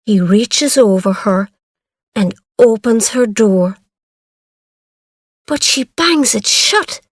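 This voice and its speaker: A woman narrating a story for English learners, reading slowly and clearly. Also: fairly high pitch, animated, no echo, studio quality. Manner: slow, clear, careful reading.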